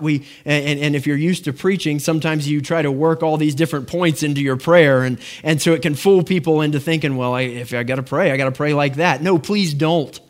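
A man preaching a sermon in an earnest, conversational way, often restarting his phrases. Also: a little high. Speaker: pastor.

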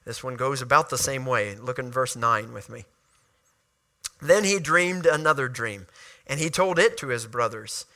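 A man's voice: medium pitch, moderate pace, bright, forceful tone. A man preaching a sermon, reading scripture and explaining it in a conversational way, with frequent restarts and asides.

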